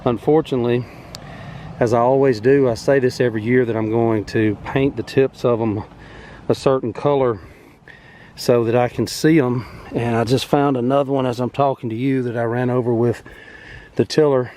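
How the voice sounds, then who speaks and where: A man's voice: medium pitch, fairly even intonation, moderate pace, warm tone, a little hiss or hum. A man, out of breath, rambling easily and with many fillers as he walks through his vegetable garden outdoors. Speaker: farm vlogger. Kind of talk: casual garden walkthrough.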